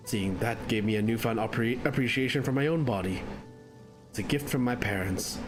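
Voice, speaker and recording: A man voicing a humble former male arena fighter who now helps injured people recover, in a lowered, subdued voice. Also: natural voice.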